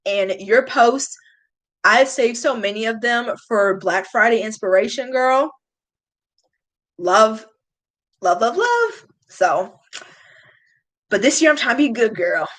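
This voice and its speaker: Emotional woman in her thirties, lively pitch. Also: slow, pauses often. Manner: emotional, confiding, sighing often. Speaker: beauty vlogger. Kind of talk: casual chat reading live comments.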